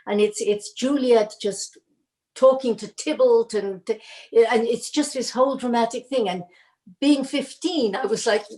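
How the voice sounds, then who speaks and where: An older woman, an actress, recounting her early career in a rambling, animated way, acting out the lines she quotes. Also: a little high, measured pace, poor audio. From Argentina. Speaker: actress telling career stories. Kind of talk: casual storytelling.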